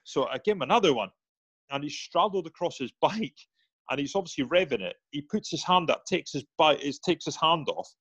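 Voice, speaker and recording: A man, a former soldier, telling animated anecdotes in a casual interview, slipping into quoted voices and restarting his sentences. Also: fairly high pitch, a little fast, breathy edge, dry recording.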